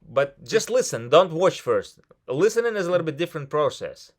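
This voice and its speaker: A man with a Russian accent hosting an English conversation club, talking in a chatty, energetic way and slipping into Russian now and then. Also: fairly high pitch, moderate pace. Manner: switches into Russian mid-thought, energetic and chatty. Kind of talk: casual coaching chat.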